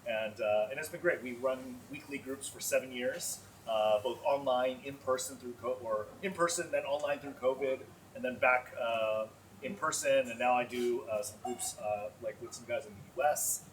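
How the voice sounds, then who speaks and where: A man's voice: mid-range voice, moderate pace. A man speaking as a panelist in a panel discussion, talking in an earnest, conversational way with lots of "like.". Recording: far-off mic with faint noise.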